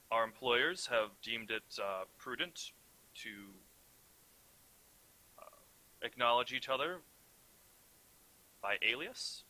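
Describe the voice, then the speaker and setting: A man's voice: on the low side, pushed and bright, full character voice, rough recording. A man putting on a formal old butler. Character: formal older male butler with white mustache.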